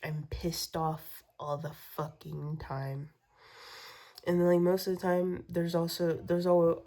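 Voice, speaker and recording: Woman ranting into her vlog, husky and mellow, cussing and repeating herself. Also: low voice. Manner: profane, repetitive venting, drops to whispers. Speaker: vlogger. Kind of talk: rambling vlog rant.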